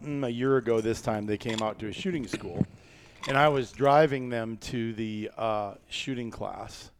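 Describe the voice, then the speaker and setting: A man's voice: fairly low pitch, noisy background. A man from Iowa hosting a podcast in casual chat, joking and rambling with many fillers and restarts. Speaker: podcast host.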